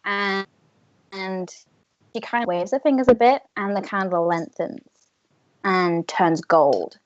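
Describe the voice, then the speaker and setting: A woman's voice: medium pitch, takes it slowly, dull audio, slight background noise. A woman narrating a tabletop game as game master, telling the story vividly and without hurry.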